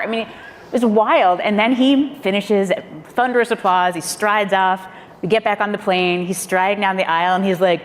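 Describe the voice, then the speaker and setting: A woman who is a former speechwriter, telling a lively story on a panel and acting out the quoted voices with big jumps in pitch. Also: normal speed. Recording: long hall reverb with faint noise.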